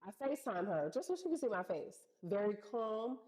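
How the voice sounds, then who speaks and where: A woman with a dark, mellow voice at a middle pitch tells a personal story in casual chat. She speaks in relaxed slang and acts out what people said. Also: normal speed, low-quality recording. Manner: animated, slangy retelling with acted-out quotes. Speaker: co-host telling a story.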